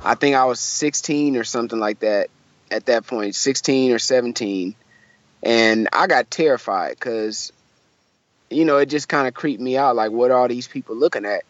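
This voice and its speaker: A man's voice: medium pitch, moderate pace, no room sound, muffled recording. A young man from Michigan, a musician guest, telling a story in a casual interview, acting out the voices of the people in it and using lots of fillers. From Michigan, USA.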